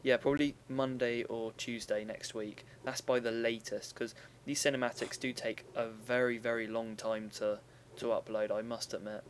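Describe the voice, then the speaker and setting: A man's voice: mid-range voice, flat delivery, normal speed, few pauses, a little hiss or hum. A young man giving casual, rambling commentary over a recorded strategy game battle, often stopping to correct himself.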